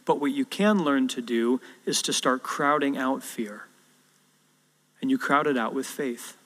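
Storytelling preacher, bright voice. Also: male voice, medium pitch, unhurried. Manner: storytelling, acts out quotes. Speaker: pastor. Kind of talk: sermon. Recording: long hall reverb.

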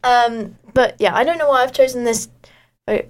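A woman's voice: a little high, normal speed, a little hiss or hum. Playful teen girl co-hosting radio. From Australia. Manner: playful, self-mocking, giggly. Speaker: radio show co-host. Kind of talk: casual breakfast show chat.

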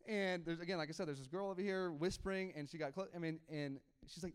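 Young male pastor, lightly raised pitch, clean resonant tone, chatty animated sermon storyteller. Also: fast, clean tone. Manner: casual, animated storytelling with laughs and quoted dialogue.

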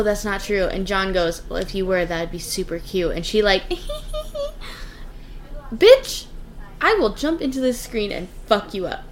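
Against a little background noise, a young female podcast co-host tears into a film with crude, scornful, loudmouthed commentary. Her voice is fairly high-pitched, and the chat is casual.

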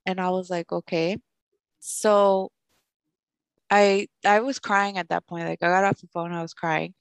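Animated woman telling a personal story. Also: on the low side, measured pace, clear, resonant tone, no echo. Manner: animated, fills speech with "like", acts out quoted voices. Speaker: podcast co-host.

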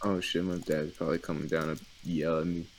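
A man's voice: rumbling low, a little fast, creaky. A man chatting casually while playing a game, sarcastic and swearing often. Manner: sarcastic, profane, animated banter. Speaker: gamer co-host. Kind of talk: casual gaming chat.

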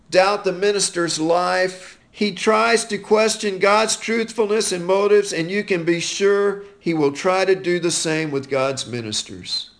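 A man teaching a verse-by-verse Bible study, quoting scripture with slow, emphatic stress. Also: sits high.

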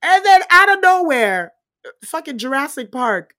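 A woman with a fairly high, very lively voice tells a story in casual chat, swearing freely and jumping into little acted-out quotes. The sound is dry and close, with no room around it. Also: a little slow, no echo. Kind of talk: casual chat recapping a film.

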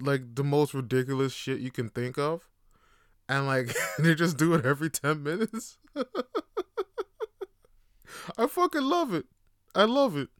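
A young man hosting a casual solo podcast, telling slangy, animated stories and laughing often. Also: mid-range voice, clear, resonant tone, dry recording, clean studio sound. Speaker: podcast host.

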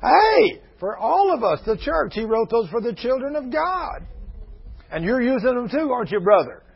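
A man's voice: extremely high pitch, big pitch swings, normal speed, slightly rough. An older man, preaching a sermon in a folksy storytelling manner, acting out the people in his stories. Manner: folksy storytelling with quoted voices. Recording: dull lo-fi radio broadcast.

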